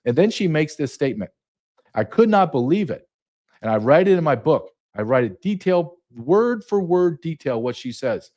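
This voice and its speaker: A man's voice: fairly high pitch, very animated, normal speed, a little mellow. Indignant man telling a story. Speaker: guest, retired border patrol agent. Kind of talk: heated podcast interview.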